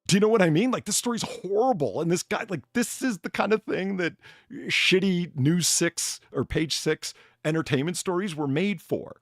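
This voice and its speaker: A man hosting a casual stream chat, talking in an animated, profane way and acting out quotes as he narrates a clip. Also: high voice, moderate pace, dry recording, clean studio sound. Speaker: stream host.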